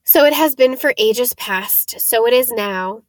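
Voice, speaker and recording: A woman's voice: on the high side, no echo, close to an everyday voice. Woman voicing a sorrowful centaur. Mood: solemn. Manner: slow, sorrowful, cryptic. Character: solemn male centaur, cryptic and sorrowful.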